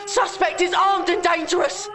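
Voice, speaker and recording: A man's voice: very high voice, fairly even intonation, normal speed, background noise, pitched above the performer's own voice. A man voicing a deranged woman cop who barks clipped police jargon. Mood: manic. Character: unhinged woman cop shouting police codes.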